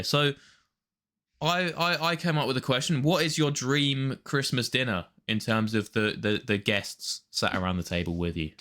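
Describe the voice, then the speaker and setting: Bright-voiced young man chatting. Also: medium pitch, normal speed. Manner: chatty, enthusiastic, laughs easily. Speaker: podcast co-host. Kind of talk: casual chat.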